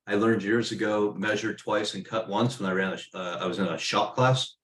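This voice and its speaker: A middle-aged man presents a business webinar and tells personal stories in a conversational, emphatic way. His voice sits a little low. The room around him gives it a noticeable echo. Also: fairly even intonation, a little fast, a bit bright. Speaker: webinar host and business mentor.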